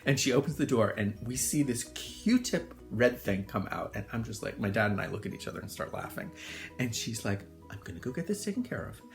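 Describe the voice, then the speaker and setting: A middle-aged man, a hairdresser and salon owner, telling a personal story in an animated way, laughing as he goes. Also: lowish voice, moderate pace, faint music behind. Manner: animated, laughing, acts out voices in quotes. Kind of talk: storytelling monologue.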